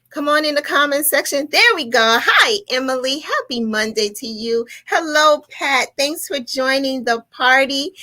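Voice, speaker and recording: A woman hosting a livestream, excitedly welcoming and greeting viewers by name. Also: fairly high pitch. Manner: bubbly, excited, repetitive greetings. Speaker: livestream host.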